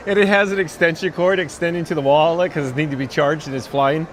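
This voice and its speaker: A man's voice: a little high, steady tone, quick pace, a little hiss or hum. A man hosting a casual live stream outdoors at a theme park, rambling and laughing helplessly.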